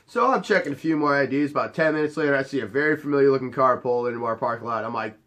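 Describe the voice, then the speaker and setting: A man's voice: medium pitch, fast, hardly any pauses, a bit bright. A man who works as a bar bouncer and head of security, telling a story to camera in a casual, swaggering way with plenty of swearing. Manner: cocky, profane and swaggering.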